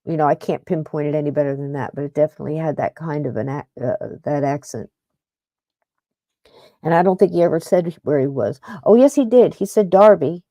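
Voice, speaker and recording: Mellow-voiced woman chatting on a podcast. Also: sits low, a little fast, dry recording, muffled recording. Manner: rambling, chatty, self-interrupting. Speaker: podcast host. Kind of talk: casual paranormal podcast talk.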